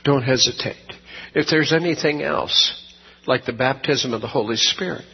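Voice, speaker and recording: An earnest pastor with a gravelly, deeply husky voice wraps up a service and leads a prayer. He talks in a folksy way and slows down hard on the lines he wants to land. The recording sounds dull and lo-fi. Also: long reverb tail. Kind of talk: sermon closing and prayer.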